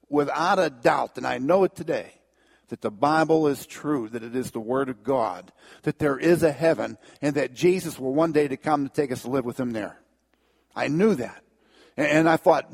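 A man's voice: mid-range voice, moderate pace, vocal fry. A middle-aged man giving an earnest personal testimony to an audience, with his voice swelling at the key moments.

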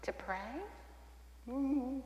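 A woman's voice: high voice, drawn-out words, lo-fi sound. A woman acting in a church skit as an exasperated married woman who would rather smash things than pray, speaking hesitantly with dry humor. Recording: echoey hall with faint ambience.

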